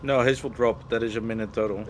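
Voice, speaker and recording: A man playing a tabletop game, working through spell durations out loud. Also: medium pitch, fairly even intonation, fast talker, slight background noise. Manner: working through rules aloud. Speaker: player. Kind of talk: casual tabletop chat.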